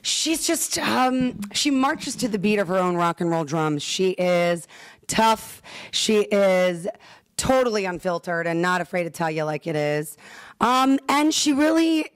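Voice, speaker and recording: A woman speaking in a chatty, animated way, stopping and restarting her sentences around plenty of "um"s. She is an actress being interviewed in a relaxed, casual conversation. Her voice sits at a middle pitch for a woman. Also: a little slow. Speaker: actress guest.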